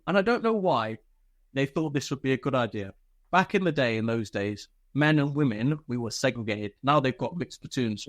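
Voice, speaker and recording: Speaking at a medium pitch with a slightly bright tone, an army veteran from the UK guests on a podcast. He shares casual stories, swearing and laughing plenty along the way.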